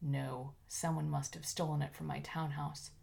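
A woman's voice: deep voice, little pitch movement, moderate pace, gravelly, a little mellow. Woman reading a direct young investigator. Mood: shaken. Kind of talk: audiobook character voice.

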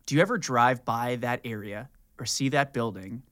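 Male podcast host, mid-pitched bright voice, casual and chatty interviewer. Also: moderate pace. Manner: chatty and musing, asks long questions.

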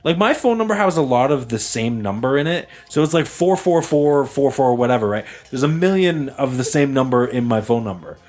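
A man's voice: mid-range voice, brisk, hardly any pauses. A young man hosting a podcast, telling a story in a casual, joking way and acting out callers' lines. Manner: animated storytelling, jokey voices for callers. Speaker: podcast host. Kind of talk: casual chat.

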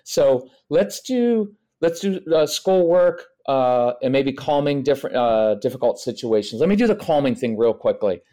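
A man's voice: mid-range voice, animated, moderate pace, hardly any pauses, dark tone. A middle-aged man, a parenting expert guest on a podcast, explaining in a practical way and acting out examples in voices. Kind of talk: podcast interview.

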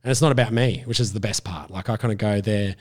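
A man's voice: lowish voice, fast. A man with an Australian accent, a television presenter chatting as a guest, rambling with restarts and acting out voices. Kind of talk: casual interview chat.

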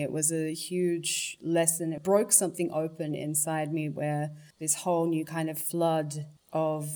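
Woman, forties, earnest and articulate, reflective interview talk, lowish voice. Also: a little mellow. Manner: thoughtful, earnest, politically articulate.

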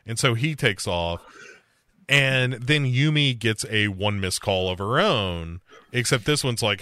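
A man's voice: mid-range voice, expressive, unhurried, sharp tone, no echo, clean studio sound. A man co-hosting a podcast, casually retelling a TV episode in a rambling way, acting out lines as he goes. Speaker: podcast co-host. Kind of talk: casual recap chat.

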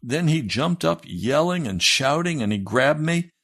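A man's voice: on the high side, lively intonation, measured pace, fairly bright tone, slightly rough. A man, a pastor, reading a story aloud in a sermon, raising his voice for the quoted lines.

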